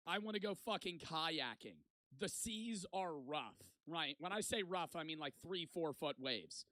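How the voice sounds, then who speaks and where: A man's voice: on the high side, expressive, unhurried, sharp tone, no echo. A man in his twenties telling a rambling, profane story in casual vlog style. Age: 20s. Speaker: vlogger.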